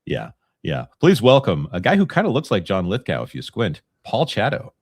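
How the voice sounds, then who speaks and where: Deep-voiced joking co-host, man. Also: huge pitch swings, normal speed, slightly rough, no echo, clean studio sound. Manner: joking, reads out viewer messages. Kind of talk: casual live-stream chat.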